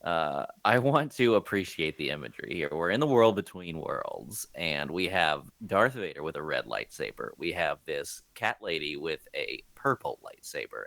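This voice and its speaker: A young man running a tabletop game as game master, lively and laughing often with geeky enthusiasm. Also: extremely low pitch, moderate pace, gravelly, hardly any pauses, no echo.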